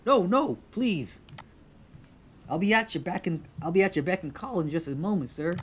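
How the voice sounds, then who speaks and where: A man voicing a portly, charming male rabbit bartender in a visual novel, talking loud and eager. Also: high voice, lively intonation, moderate pace, a little hiss or hum, voice pushed up.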